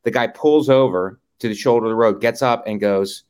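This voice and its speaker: A man hosting a comedy podcast, deadpan and halting, full of uhs and restarts. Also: medium pitch, clear, resonant tone. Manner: halting, deadpan, many fillers. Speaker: podcast host. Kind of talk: casual comedy podcast banter.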